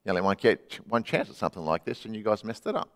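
A middle-aged man preaching a sermon, conversational, dropping from loud to hushed for emphasis. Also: fairly low pitch, big pitch swings, rapid-fire, in a large hall. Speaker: pastor. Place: church.

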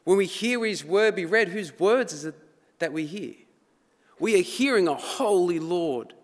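A man's voice: high voice, lively intonation, unhurried. A man preaching a sermon, conversational but building to dramatic emphasis. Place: church hall. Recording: long reverb of a church hall.

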